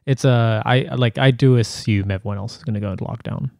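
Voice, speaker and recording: A man's voice: medium pitch, fast, vocal fry, darkish tone, no room sound, clean studio sound. A man co-hosting a podcast in casual comedic chat, sarcastic and profane, with hesitant restarts. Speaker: podcast co-host.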